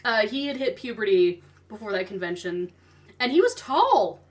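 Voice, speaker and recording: A podcast co-host with a medium-pitched voice at a normal speed tells stories in casual conversation. She's an animated storyteller who acts out what people said.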